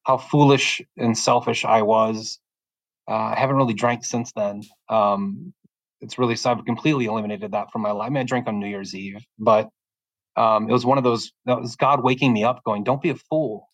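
A middle-aged man sharing his personal faith testimony as a podcast guest, talking in a halting, emotional way and often repeating words as he restarts. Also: fairly low pitch, steady tone, dry recording, rough recording.

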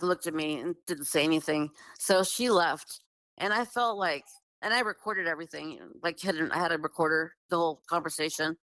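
Her voice is lowish, recorded with no room sound and in low quality. She's a guest recounting a lengthy personal story, earnest and animated, leaning heavily on "like" and fillers and restarting often.

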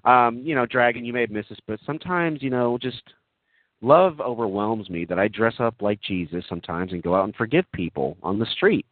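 A man doing comedic, earnest role-play for an online group chat. He talks in a gentle, overly earnest way, full of giggles and ums. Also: mid-range voice, a little fast, no room sound. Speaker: comic prankster addressing an online group chat. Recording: tinny phone-like sound, dry.

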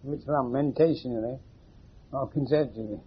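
A man's voice: mid-range voice, normal speed, husky. A man gives an informal spiritual talk to a small group, wry and teasing, putting questions to his listeners. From England. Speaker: spiritual teacher. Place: meeting room with a small audience. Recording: muffled 1980s tape recording.

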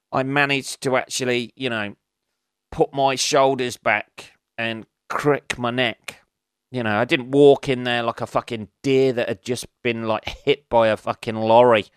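A man's voice: medium pitch, clean tone, no echo, studio quality. A man in his forties hosting a podcast, rambling through a sweary, ranting solo monologue. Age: 40s. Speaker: podcast host.

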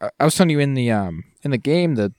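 A man co-hosting a casual podcast, talking in an animated, jokey way that often trails off and restarts. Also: mid-range voice, quick pace, dry recording, clean studio sound. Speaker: podcast co-host.

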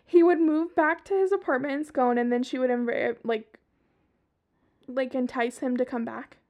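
A young woman with a Southern US accent narrates a true-crime case in a casual podcast chat. Her voice sits high, and she peppers the story with swearing and offhand asides. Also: steady tone, normal speed, a little mellow, dull audio. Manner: profane, chatty asides. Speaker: podcast host.

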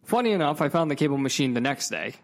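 A man's voice: medium pitch, expressive, quick pace. A man in a casual, profane storytelling rant, emphatic and heated, with frequent asides to the viewer. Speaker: vlogger.

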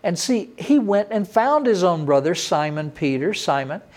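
A middle-aged male pastor delivers a sermon in a slightly high voice. He preaches emphatically, with loud, lifted bursts that fall back to low, quiet stretches. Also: sing-song, normal speed. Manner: emphatic preaching with sudden rises and drops in pitch and loudness.

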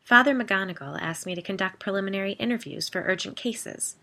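A woman voicing a brisk, knowing woman friend. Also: mid-range voice, bright, forceful tone. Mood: matter-of-fact. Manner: firm and matter-of-fact.

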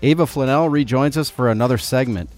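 A man's voice: mid-range voice, fairly quick, a little mellow, soft background music. A man hosting a podcast, introducing a guest and asking easygoing questions with a few fillers. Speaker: podcast host. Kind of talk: interview host questions.

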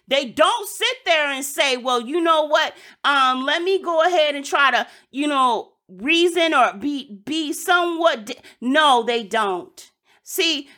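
A woman's voice: high voice, pushed and bright. A woman preaching a sermon in an earnest, exhorting way, often repeating herself for emphasis.

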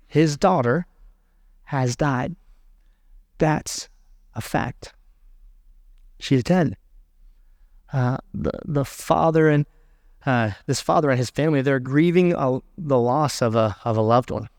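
A male pastor preaching a sermon in a conversational way, reading scripture aloud with pauses. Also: mid-range voice, darkish tone, no echo, studio quality.

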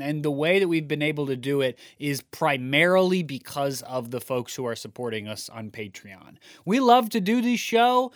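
A man's voice: on the high side, fairly bright tone, dry recording, clean studio sound. A man co-hosting a podcast, talking casually and earnestly, often repeating words as he goes. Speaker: podcast co-host.

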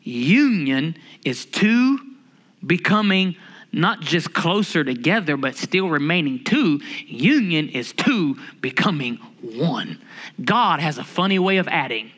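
A man preaching a sermon, lively and humorous, stretching out key phrases for emphasis. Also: fairly high pitch, slow pace. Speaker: pastor.

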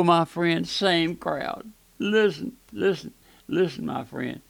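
Gravelly older man preaching on the radio. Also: a little high, lively intonation, a little slow, a bit bright, dry recording. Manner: emphatic, folksy, repeats phrases. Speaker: radio pastor. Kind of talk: radio sermon.

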